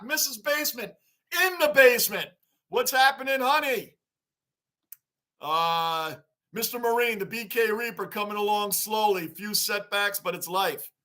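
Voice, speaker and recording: A middle-aged man runs a casual livestream, reading fan messages aloud and shouting out greetings. His voice sits high and rings bright and forceful. He chuckles often and keeps things upbeat.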